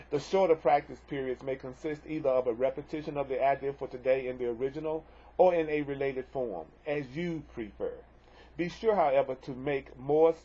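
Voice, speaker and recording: A man with a husky, breathy voice leads a spiritual lesson, reading out affirmations and repeating them over and over. He speaks earnestly and breaks in with folksy asides. The sound is dull and lo-fi, like an old home video. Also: mid-range voice, mellow. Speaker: spiritual teacher.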